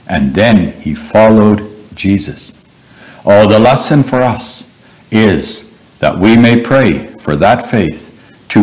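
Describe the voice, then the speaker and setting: A man preaching a sermon, retelling Bible stories in a slow, measured, earnest way. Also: fairly low pitch, darkish tone, rough recording.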